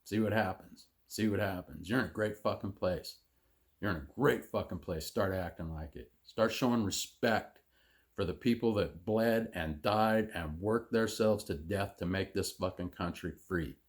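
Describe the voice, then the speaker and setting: Low-voiced guy ranting at the camera, sarcastic, cussing nonstop. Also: normal speed. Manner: angry, sarcastic, heavy swearing. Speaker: vlogger. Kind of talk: profane political rant to camera.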